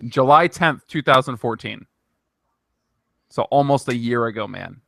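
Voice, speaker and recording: A young man co-hosting a podcast in casual chat, playful and quick to laugh. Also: mid-range voice, gravelly, a little hiss or hum. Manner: laughs often, animated and playful. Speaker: podcast co-host.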